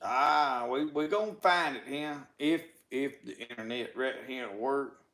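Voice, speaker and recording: A man's voice: medium pitch, measured pace, a bit bright. A man with a Mississippi accent telling folksy tall tales in a drawl, stringing everything together with "said". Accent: Southern US, Mississippi. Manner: drawling, repeats "said" constantly. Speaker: storyteller. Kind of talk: folksy tall-tale storytelling.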